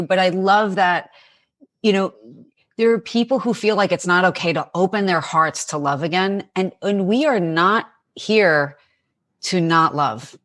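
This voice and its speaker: A woman's voice: medium pitch, fairly bright tone. A woman hosting an interview podcast, teary and emotional, stammering over her words. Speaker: podcast host, psychologist. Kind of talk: interview conversation.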